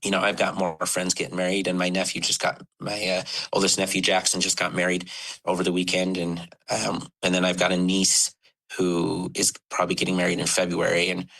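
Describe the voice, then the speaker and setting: A young man, a podcast guest, candidly telling a personal story in a halting, earnest way, with many fillers and restarts. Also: sits low, completely flat delivery, gravelly, sharp tone, low-quality recording.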